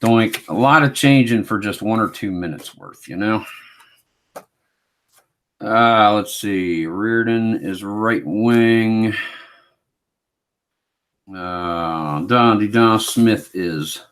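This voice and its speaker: A man running a solo tabletop hockey game, calling each play like a sportscaster in a relaxed, self-mocking way. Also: on the low side, drawn-out words, pauses often. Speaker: board game player and host.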